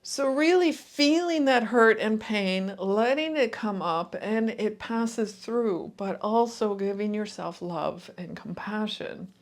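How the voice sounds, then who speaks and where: A woman coach talks to her viewers in a soft, soothing way. She takes her time, with a lot of space between her words, and her voice sits at an ordinary middle pitch. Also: lively intonation. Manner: soft, soothing, unhurried delivery. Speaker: intuitive and transformational coach. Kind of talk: calm guided talk to camera.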